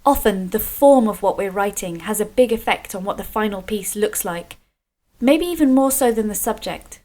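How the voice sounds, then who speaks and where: A woman from Scotland leading a creative writing video workshop for children, explaining slowly and clearly with encouragement. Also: mid-range voice, animated, dark tone.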